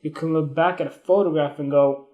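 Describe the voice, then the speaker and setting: A man's voice: on the high side, fairly even intonation, brisk, narrow, tinny audio. Rambling, blunt young man talking photography. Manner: rambling, blunt and swearing freely. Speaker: photography podcast host. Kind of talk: casual solo talk on a live stream.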